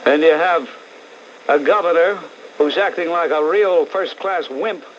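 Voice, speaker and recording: A man's voice: fairly high pitch, a little slow, slight background noise. A middle-aged man with a New York accent hosting a call-in talk radio show, blunt and sarcastic, ranting at callers and listeners. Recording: muffled old AM radio tape.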